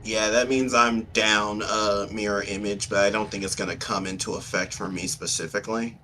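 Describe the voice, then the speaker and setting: A lower-pitched man with a bright, forward tone, playing a tabletop game. He halts and thinks aloud, filling gaps with "uh" and "um". Faint noise hums behind him. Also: steady tone. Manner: halting, filler-heavy, thinking aloud. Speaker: player. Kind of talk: tabletop role-play chat.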